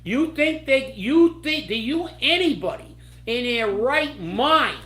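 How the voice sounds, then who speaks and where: A man's voice: very high voice, lively intonation, slow pace, fairly bright tone, echoey room, low-quality recording. A man hosting a political commentary show, ranting with angry indignation.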